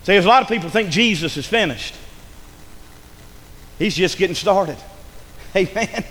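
High-voiced preacher man in a reverberant hall. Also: animated, a little slow, long pauses. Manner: dramatic preaching, swings from hushed to shouting. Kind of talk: sermon.

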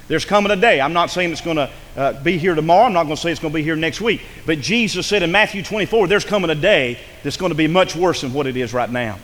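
Fervent preacher guy, kinda high bright tone, big echoey church hall. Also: fast talker, few pauses. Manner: fervent preaching that swells into impassioned calls. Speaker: pastor. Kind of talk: sermon. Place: church sanctuary.

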